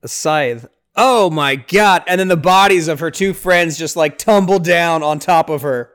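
Excitable young man recapping a movie. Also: unhurried. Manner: excitable, lots of fillers, acts out lines in high voices. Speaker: podcast host recapping a film. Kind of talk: casual movie recap chat.

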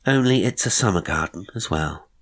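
A man's voice: deep voice, expressive, normal speed, fairly bright tone. A man voicing a placid, evasive elderly lady of the house in a spoken ghost story. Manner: placid, offhand replies.

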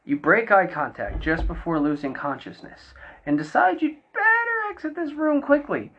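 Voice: mid-range voice, very animated, normal speed. A co-host narrates a gamebook in the second person and laughs often between passages. The voice rises and falls a lot. The audio is muffled and lo-fi. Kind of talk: scripted gamebook narration with banter.

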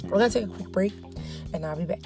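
A woman's voice: mid-range voice, fast, vocal fry. Casting: young woman, solo podcast host, candid and chatty, music bed underneath. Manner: candid, chatty, animated retelling with quoted voices. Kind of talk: casual solo talk.

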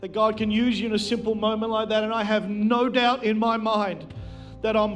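A man's voice: sits high, flat delivery, moderate pace, hardly any pauses, soft background music. A male pastor preaching a sermon to a live congregation on a handheld microphone, telling a personal story with self-deprecating jokes. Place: church, speaking to a live congregation.

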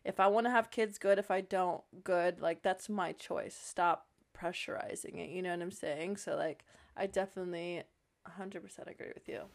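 A woman's voice: fairly low pitch, steady tone, normal speed, gravelly. A young woman from Connecticut co-hosting a casual podcast, sassy and emphatic, with many "like"s. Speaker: podcast co-host.

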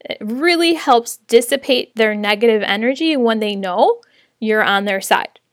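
Recorded dry and in studio quality, a woman speaks to camera in an unhurried but animated way, her voice a little high. She gives casual, practical advice about online teaching, keeping things friendly and chatty with the occasional light laugh.

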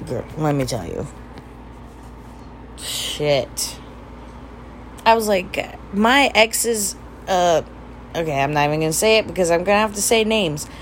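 A woman's voice: lowish voice, animated, takes it slowly, pauses often, slight background noise, rough recording. Chatty young woman telling stories. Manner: chatty, laughs often, acts out quoted dialogue. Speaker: vlogger. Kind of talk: casual storytelling vlog.

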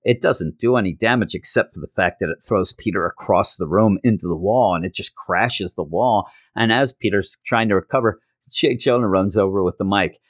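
A man hosting a podcast, giving a casual, animated comic book recap and slipping into character voices. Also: fairly low pitch, normal speed, dry recording, studio quality. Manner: animated storytelling, jumps into voices. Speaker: podcast host.

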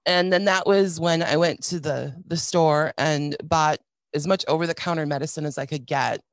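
A middle-aged woman telling a painful personal story in a candid, halting way, with many restarts and dry, wry asides. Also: low voice, no room sound. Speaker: guest sharing a personal story.

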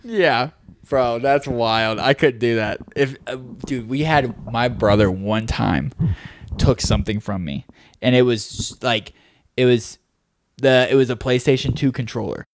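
A man's voice: mid-range voice, measured pace. A young man co-hosting a podcast, telling long rambling stories in casual chat, full of "like" and "dude". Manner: rambling storyteller, heavy on "like" and "dude". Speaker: podcast co-host.

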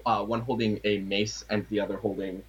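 Man, game master, tabletop game narration, halting with fillers, slightly dull sound. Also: lowish voice, little pitch movement, slightly rough. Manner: hesitant, many fillers.

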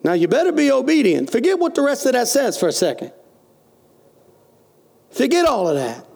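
Gravelly high-voiced pastor. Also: male voice, a little mellow. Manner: folksy preaching with call-and-response. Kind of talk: sermon.

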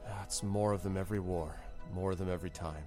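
A worn-out, gruff old man, played by a man, with a lowish voice that sounds gentle and tired of war. Faint music plays behind him. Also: steady tone, quick pace, close to an everyday voice. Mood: weary. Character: weary, gruff older man caring for war orphans.

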